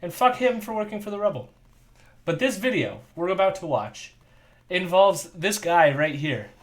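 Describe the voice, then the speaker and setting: Stream host, man, casual profane commentary, slightly high voice, very animated delivery. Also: moderate pace. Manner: animated, laughs often, swears freely. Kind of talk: casual commentary on video clips.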